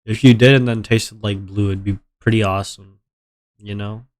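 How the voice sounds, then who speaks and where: A man's voice: fairly low pitch, steady tone, moderate pace. A man streaming live with a stuffy nose from allergies, chatting casually and complaining in a rambling, melodramatic way.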